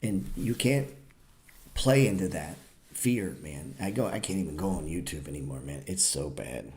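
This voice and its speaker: A man with a slightly low voice teaches trading on a live stream. He speaks bluntly and swears often, lecturing viewers with a sarcastic edge. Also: animated, normal speed, darkish tone. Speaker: trading educator and show host.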